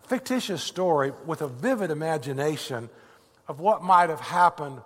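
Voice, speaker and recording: An earnest male pastor preaches and reads a story aloud, sometimes restarting his words. His voice is fairly high and moves lively up and down. The sound rings with a long reverb, as in a large hall. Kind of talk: sermon with a story read aloud.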